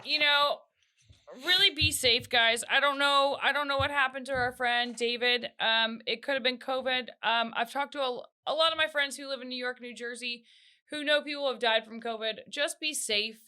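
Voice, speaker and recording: A woman in her thirties co-hosting a casual podcast, telling a family story with animated voices. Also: high voice, normal speed, smooth. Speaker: podcast co-host. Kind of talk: casual chat.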